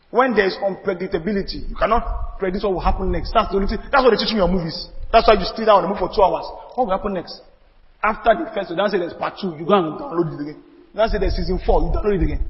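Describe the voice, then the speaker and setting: A man preaching a sermon as pastor, repeating phrases and building emphasis. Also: high-pitched. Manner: preaching with rising emphasis and repetition. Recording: dull audio in a reverberant hall.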